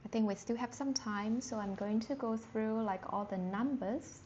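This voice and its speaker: A woman teaching a live online Mandarin lesson, speaking slowly and patiently with frequent fillers and quick apologies, jumping to a high sing-song pitch to demonstrate tones. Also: dark tone, highs cut off, a little hiss or hum.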